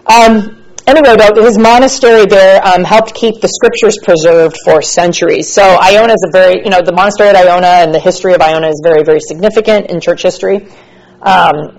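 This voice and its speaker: An American woman teaching church history in a casual lecture, chatty and relaxed with frequent fillers and asides. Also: on the low side, poor audio.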